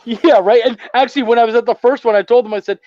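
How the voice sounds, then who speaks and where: A loud, gregarious man hosting a casual chat, telling animated, profane stories. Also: extremely high pitch, fast talker, dry recording, dull audio. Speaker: podcast host.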